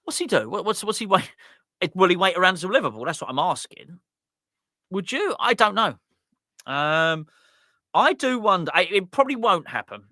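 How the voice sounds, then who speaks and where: A man's voice: sits high, very animated, moderate pace, long pauses, bright, forceful tone, dry recording, clean studio sound. A man hosting a casual fan watch-along stream, rambling and restarting his sentences, laughing at his own jokes. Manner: rambling, self-interrupting, laughs at himself. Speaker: fan channel host.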